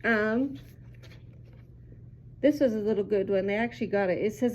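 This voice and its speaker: A woman's voice: medium pitch, normal speed, a little mellow, slight background noise. A young woman teacher chatting casually through a children's book review, upbeat and full of ums.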